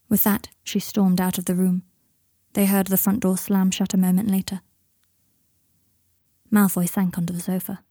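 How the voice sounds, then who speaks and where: Woman reading fanfic aloud, mellow voice, dry close sound. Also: mid-range voice, little pitch movement, moderate pace, pauses often, no room sound. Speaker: narrator. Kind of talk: audiobook fan fiction reading.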